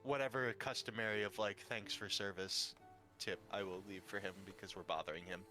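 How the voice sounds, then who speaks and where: A player in a tabletop game, this man talks casually and slips in playful jokes. His voice is bright and forceful, with faint music underneath. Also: lowish voice, fairly even intonation, brisk. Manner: joking, playful asides.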